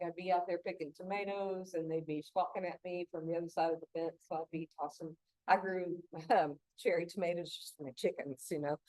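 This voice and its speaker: A woman's voice: on the low side, darkish tone, dry recording. A middle-aged woman giving a casual gardening talk, chatty and laughing often between stories. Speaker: gardening instructor.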